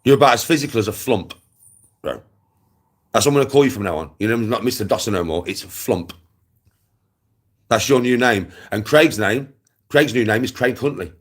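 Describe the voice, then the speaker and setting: A man's voice: lowish voice, lively intonation, fairly quick, long pauses. A man, ranting casually to camera in a mocking, taunting way, repeating his jibes and breaking into laughs. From West Midlands, England. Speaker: vlogger.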